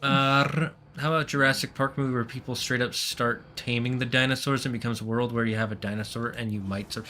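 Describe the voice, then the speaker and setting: A man hosts a casual co-op gaming stream, handing his partner tips as they play. His voice is bright and forward at an ordinary pitch. A faint noise sits under the recording. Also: steady tone, fairly quick, few pauses. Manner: chatty, gives game tips. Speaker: streamer host.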